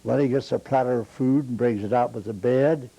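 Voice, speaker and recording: An older man, a retired circus bandleader, tells rambling anecdotes in an interview, talking a little fast in a gravelly, warm, medium-pitched voice. He is folksy and plain-spoken and acts out the voices of the people in his stories. The audio quality is poor.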